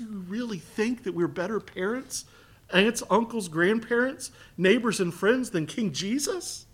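A male pastor with a high voice preaches a sermon in a church. He is earnest, pressing points hard and loud, then pulling back into soft, close asides to the congregation. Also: animated, normal speed, slightly rough.

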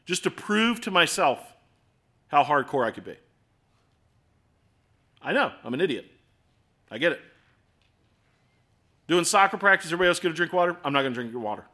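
A man in his forties preaching a sermon in a conversational, self-deprecating way, with swings between loud and soft. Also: on the high side, very animated, a little fast, pauses often. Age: 40s. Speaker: pastor.

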